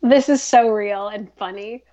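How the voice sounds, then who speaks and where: A woman's voice: medium pitch, unhurried, a crowd in the background, rough recording. A woman co-hosting a podcast, casually chiming in with wry quips. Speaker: podcast co-host. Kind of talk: casual chat.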